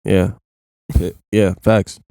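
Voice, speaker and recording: A young man guesting on a casual podcast, joking bluntly in heavy slang. His voice is low and mellow, without much brightness. The recording is close and dry. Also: flat delivery, takes it slowly, creaky, dry recording. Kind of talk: casual chat.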